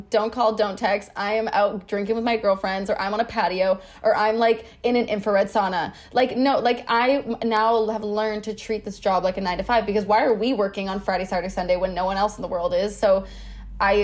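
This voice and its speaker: A young woman from Canada, a podcast guest, chatting casually and upbeat with lots of "like". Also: medium pitch. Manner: chatty, upbeat, heavy use of "like". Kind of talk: casual chat.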